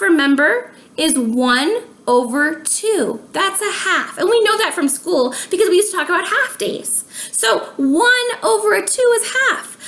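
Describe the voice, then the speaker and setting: A woman's voice: very high-pitched, bright, forceful tone. A woman teaching a preschool science lesson at home, counting aloud and asking questions, stretching her words for small children. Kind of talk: slow, sing-song lesson for young children.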